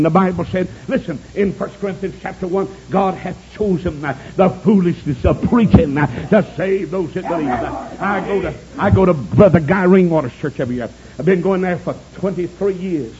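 A man with a Southern US accent preaching a revival sermon, telling folksy stories and bursting into shouts, with many "uh" fillers. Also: high-pitched. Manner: shouting, exclamatory, punctuating with "uh". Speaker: evangelist preacher. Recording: dull lo-fi audio recording.

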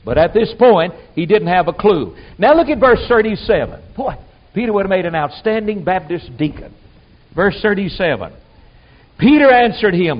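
A man's voice: sits high, animated, moderate pace. A man preaching a sermon in a folksy, emphatic way, acting out the people he quotes. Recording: dull lo-fi sound.

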